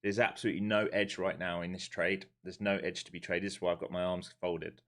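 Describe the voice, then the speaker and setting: Deep-voiced london guy on a trading stream, chill and blunt, chatty. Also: level tone, brisk, a bit bright. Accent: London English. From London, England. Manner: laid-back, chatty, blunt, swears now and then. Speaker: live-streaming day trader. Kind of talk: casual live-stream chat and market commentary.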